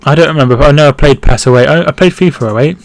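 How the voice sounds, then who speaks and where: A man's voice: fairly high pitch, racing, creaky, dry recording. A man hosting a live football watchalong, chatting casually, reading out viewer comments and reacting to the play. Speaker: football stream host.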